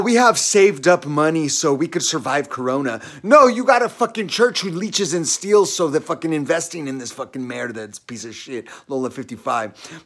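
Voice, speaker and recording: A man with a Californian accent delivering a profane, agitated rant that swings between shouted outbursts and low muttering. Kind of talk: angry ranting monologue.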